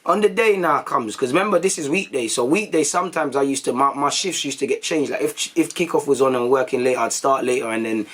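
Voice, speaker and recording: A young man, a vlogger telling stories to his viewers in a casual, animated way, full of slang and acted-out quotes. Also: medium pitch, fairly quick, few pauses, slightly rough. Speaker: YouTube vlogger.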